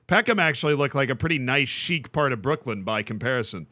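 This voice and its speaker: Animated American man, dry close mic. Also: mid-range voice, a little fast, no echo. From United States. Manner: animated storytelling, frequent restarts. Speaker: podcast host. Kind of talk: casual chat.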